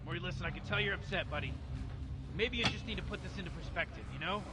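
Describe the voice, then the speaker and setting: A man's voice: high voice, fast, over loud music, lightly acted. A man voicing Rick, a careless old mad scientist who rambles through his plans and brushes off worries, as a fan impression over gameplay. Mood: placating. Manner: rambling, dismissive.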